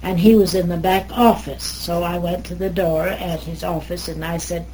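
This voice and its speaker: An older woman recounting a personal memory in an unhurried, lively and wry way, with small hesitations, sometimes acting out dialogue. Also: on the low side, slight background noise, low-quality recording. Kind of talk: oral history storytelling.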